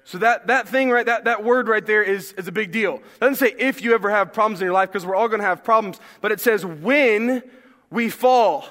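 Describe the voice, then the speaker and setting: A young male pastor preaching a sermon in a church, talking in a relaxed, joking way and asking the congregation questions. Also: high voice, fairly quick, hardly any pauses. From American South. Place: church sanctuary. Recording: long hall reverb.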